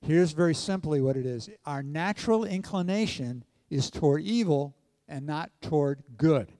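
A man preaching a sermon at a measured pace, putting questions to his congregation. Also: a little high, animated, dark tone, no room sound, long reverb tail. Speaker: pastor.

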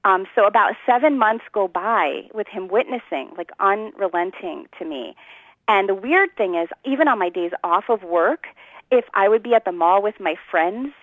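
Over phone-quality audio with no room sound, a woman with an expressive mid-range voice earnestly shares her personal testimony in conversation at a normal pace. She acts out the voices of people in her story and laughs often.

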